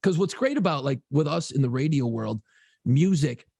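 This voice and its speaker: Gravelly man, loose profane podcast chat. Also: fairly high pitch, lively intonation, normal speed, mellow, no room sound, studio quality. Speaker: podcast co-host.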